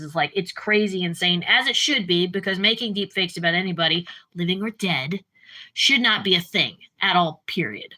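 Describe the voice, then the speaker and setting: A woman streamer chatting casually with her live chat, rambling and jumping up in pitch when she gets worked up. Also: bright, forceful tone. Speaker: livestreamer.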